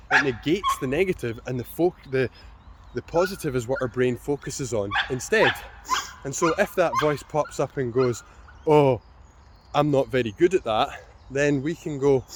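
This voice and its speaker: A man speaks as a fitness coach, guiding the listener through a lesson in a calm, encouraging voice. He talks directly to you, in a voice of ordinary middle pitch for a man, with steady, friendly instruction. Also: slight background noise. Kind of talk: instructional talk to camera.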